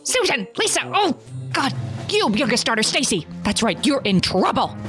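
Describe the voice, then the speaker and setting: A woman playing an exasperated mother who scolds and yells at her kids in a comedy sketch. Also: sing-song, moderate pace, music in the background. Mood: frantic. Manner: exasperated, scolding, shrill bursts. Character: frazzled mom yelling at her kids.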